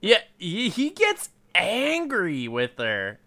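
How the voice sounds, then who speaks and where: Slow, bright, lively-voiced giggly man. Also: high voice. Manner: giggly, animated, jumps in with jokey asides. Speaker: podcast co-host. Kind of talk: casual comedic movie recap.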